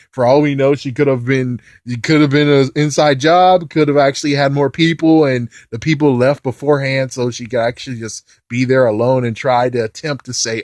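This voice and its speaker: A man's voice: medium pitch, moderate pace, a little mellow, no room sound, clean studio sound. A man giving a casual, rambling movie review, exasperated and repeating himself as he swears.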